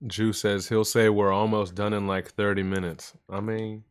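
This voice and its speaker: A man hosting a livestream show in casual chat, loud and profane, shouting greetings to his chat into a desk microphone. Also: on the low side, level tone, normal speed, clear, resonant tone. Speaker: livestream host. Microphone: desk microphone for streaming.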